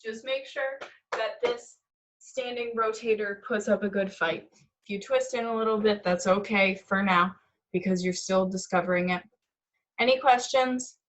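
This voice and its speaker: A young woman ballet teacher calling counts and giving gentle step-by-step corrections during a live class in a dance studio. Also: mid-range voice. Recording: muffled recording with piano music behind.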